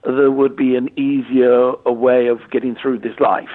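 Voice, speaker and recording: An English man in his sixties, a medium, answering interview questions in a halting way, often repeating words and using fillers. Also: mid-range voice, little pitch movement. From England. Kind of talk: conversational interview. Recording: tinny phone-line audio.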